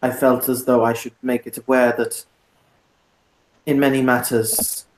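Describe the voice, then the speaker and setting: A man's voice: medium pitch, little pitch movement, roomy sound, lightly acted, poor audio. A man playing a courtly foreign bishop. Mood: courtly, measured. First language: not English. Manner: measured, formal, choosing words with care. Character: pompous formal male bishop, courteous host.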